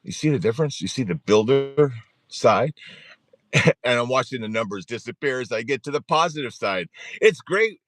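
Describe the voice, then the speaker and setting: A man's voice: medium pitch, lively intonation, moderate pace, no echo, studio quality, faint music behind. A man in his forties hosting a live-streamed support group talk, speaking earnestly and repeating his points, often chuckling.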